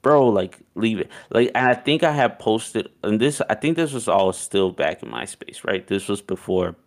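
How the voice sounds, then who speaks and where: A man's voice: lowish voice, expressive, moderate pace. A young man casually telling a story, loose and profane, with "like" in nearly every line. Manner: loose and profane, heavy use of "like".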